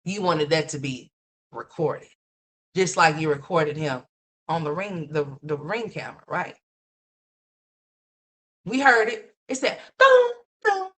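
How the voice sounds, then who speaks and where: A woman's voice: sits low, expressive, unhurried, pauses often, a bit bright. A woman hosting a livestream, ranting in a blunt, mocking, profane gossip commentary full of rhetorical questions.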